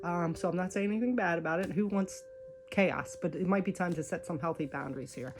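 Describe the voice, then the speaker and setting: A woman's voice: on the low side, brisk. A woman reading oracle cards, chatty and encouraging, thinking aloud as she goes. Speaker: tarot card reader. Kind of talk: spiritual card reading. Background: faint music.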